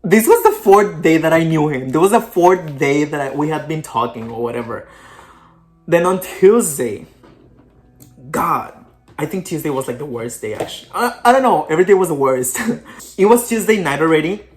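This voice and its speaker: A woman's voice: low-pitched, lively intonation, moderate pace, darkish tone. A young woman casually telling her own story to the camera, candid and conversational as she speaks straight to her viewers. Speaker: vlogger telling a personal story.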